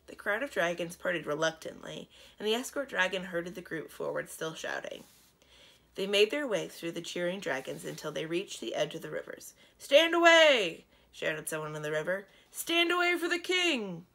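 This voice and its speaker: A woman librarian reading a children's book aloud in a gentle, steady storytelling manner. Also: on the low side, gravelly.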